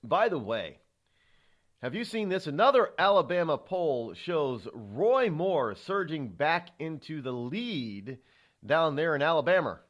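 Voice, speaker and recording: A male talk show host giving political commentary, halting often with restarts and sighs. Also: on the high side, sing-song, dull audio.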